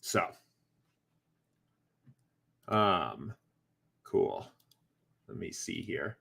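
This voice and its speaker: A man's voice: medium pitch, normal speed, pushed and bright. A man hosting a casual live-stream Q&A from home, a little out of breath, rambling with lots of fillers and self-corrections. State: slightly out of breath. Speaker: host of a fantasy sports Q&A stream.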